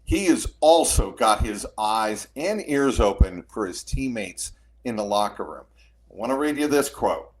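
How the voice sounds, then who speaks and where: A man co-hosting a sports podcast, speaking in a measured way and closing his points with short, firm remarks. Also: lowish voice, expressive. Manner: measured, punchy, firm declarations. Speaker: podcast co-host. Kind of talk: casual sports talk.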